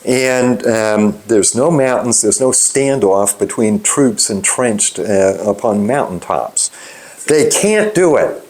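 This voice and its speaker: A man's voice: on the low side, expressive, takes it slowly, a little mellow. An older man giving an unscripted, opinionated political monologue, emphatic, with frequent fillers and restarts. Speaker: channel host giving political commentary.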